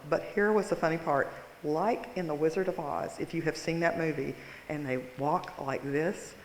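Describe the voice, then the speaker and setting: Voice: medium pitch, slight background noise. A conference presenter telling a story in a wry, self-mocking and dramatic way, then reading a case aloud. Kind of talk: storytelling keynote talk. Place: large conference hall. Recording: roomy hall reverb.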